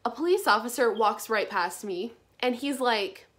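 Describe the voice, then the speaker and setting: In a casual vlog, a young woman with a slightly high, fairly bright voice retells a personal story at a moderate pace. She's animated and chatty, saying "like" often and swearing freely.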